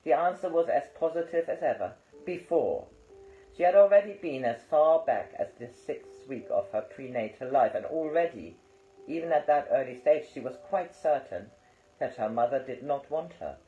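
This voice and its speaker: A man reading an audiobook aloud in a calm, measured way. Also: medium pitch, a little hiss or hum. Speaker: audiobook reader. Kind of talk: audiobook narration. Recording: roomy, slightly dull recording.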